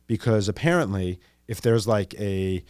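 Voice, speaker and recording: A man's voice: lowish voice, measured pace, darkish tone, clean tone, no room sound, studio quality. A young man, hosting a podcast in a loose, rambling monologue with joking asides. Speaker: podcast host. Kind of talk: casual monologue.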